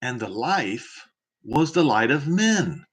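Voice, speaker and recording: Slow, emphatic male Bible teacher. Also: mid-range voice, sing-song. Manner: slow, emphatic, asks the listener rhetorical questions. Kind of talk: preaching Bible commentary.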